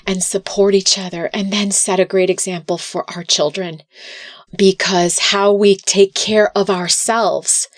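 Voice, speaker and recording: A middle-aged woman speaks earnestly as a podcast guest in casual interview talk, sometimes repeating words as she restarts. Her medium-pitched voice is recorded with clean studio sound and no echo.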